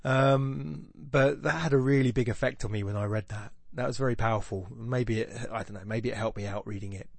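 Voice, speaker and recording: A podcast host thinks aloud in a casual, reflective monologue, rambling thoughtfully and restarting often. His mid-range voice is gravelly and fairly quick, with hardly any pauses and no room sound.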